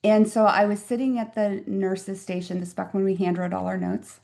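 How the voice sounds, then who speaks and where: With a dark, mid-range voice marked by vocal fry and little pitch movement, a woman in her fifties speaks at a normal pace. She's a physician guest on an interview podcast, sharing stories conversationally in an earnest, reflective and emphatic way.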